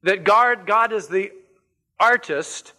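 A male pastor delivers a sermon in a bright, forceful voice. He speaks slowly and deliberately, leaning on key words and repeating them for emphasis. His pitch sits a little high for a man.

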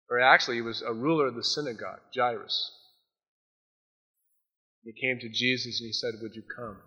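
A man preaching a sermon, retelling Bible stories in a casual, animated way and acting out the characters' lines. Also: mid-range voice. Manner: storytelling, acts out the voices of Bible figures. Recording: long hall reverb.

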